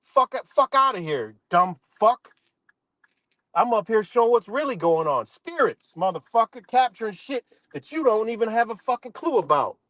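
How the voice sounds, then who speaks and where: A man with a high voice hosts his livestream in a heated, profane rant, mocking and cursing at someone. The sound is dry and close, with no room around it. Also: big pitch swings, moderate pace, pushed and bright, no room sound. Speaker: livestream host.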